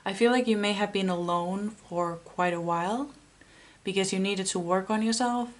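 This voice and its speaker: A woman giving a pick-a-card tarot reading, talking softly and encouragingly with frequent pauses and fillers. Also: mid-range voice. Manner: soft, unhurried and encouraging, with many fillers.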